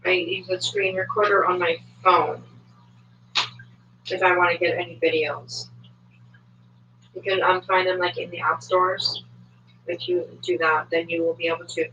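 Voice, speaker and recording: A woman's voice: on the low side, little pitch movement, unhurried, long pauses, sharp tone, slight background noise. Chatty woman streamer in an echoey room. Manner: chatty, swears, many fillers. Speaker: livestream commentator. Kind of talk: casual livestream chat. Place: home, moves between desk and kitchen. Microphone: desk microphone, at times far from it. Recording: echoey, distant, dull home stream audio.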